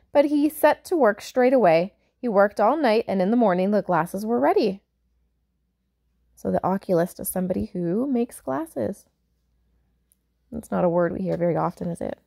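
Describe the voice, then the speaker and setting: A woman reading a picture book aloud for children, pausing to explain words and point out pictures. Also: mid-range voice, lively intonation, gravelly. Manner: warm, explaining asides to young listeners. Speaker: storyteller.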